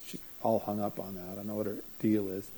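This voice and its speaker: A man's voice: fairly low pitch, completely flat delivery, fast, dark tone, a little hiss or hum, pitched below the performer's own voice, natural voice, low-quality recording. A man voicing a sullen, defiant twelve-year-old boy who mumbles offhand excuses. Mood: dismissive.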